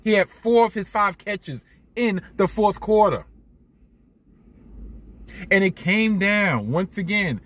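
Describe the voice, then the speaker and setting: Animated cursing man, husky dry voice. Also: high-pitched, takes it slowly, long pauses. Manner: animated, swears freely, swings loud. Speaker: podcast host. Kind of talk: solo sports commentary podcast.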